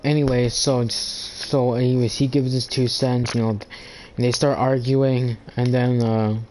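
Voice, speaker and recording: A man rants on his own channel, talking at a middle pitch. He rambles, swears often and keeps restarting his sentences, so the talk feels loose and offhand. Faint noise sits under the voice. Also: flat delivery, measured pace, darkish tone, rough recording. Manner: rambling, profane, full of "like" and restarts. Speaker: gaming channel host. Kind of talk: casual ranting monologue.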